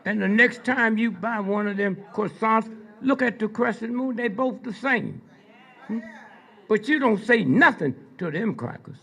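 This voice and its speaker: Addressing a live crowd, this older man tells stories in a slow, drawn-out lecture, his voice high, husky and gravelly yet bright and forceful, with lively intonation. He pauses pointedly and repeatedly nudges listeners with "Huh?" and "Hmm?"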